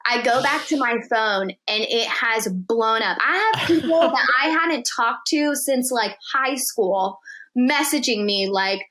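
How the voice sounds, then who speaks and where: Brief: woman guest, bright voice, storytelling in casual chat, animated, swears a lot, voices the people she quotes. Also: on the high side. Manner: animated, profane, acts out quotes in dialogue. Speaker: podcast guest.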